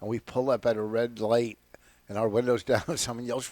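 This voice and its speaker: A man's voice: mid-range voice, flat delivery, a little fast, a little mellow, no echo. Comedian guy rambling through stories, laughs a lot, dry close mic. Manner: storytelling, laughing often. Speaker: guest comedian. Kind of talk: casual radio talk.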